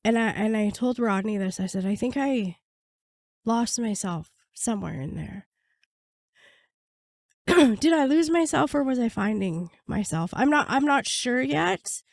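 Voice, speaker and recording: A woman guest on a podcast, telling her story bluntly and swearing freely, her voice going hoarse. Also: fairly high pitch, expressive, measured pace, dry recording. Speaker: podcast guest, prisoner advocate. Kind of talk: candid storytelling interview.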